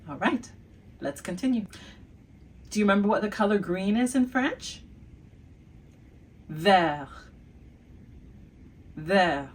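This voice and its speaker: A woman teaching a beginner French lesson, playfully quizzing the viewer with hums and pauses and carefully enunciating each French word. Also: medium pitch, expressive, husky, far from the mic. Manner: exaggerated enunciation of French words.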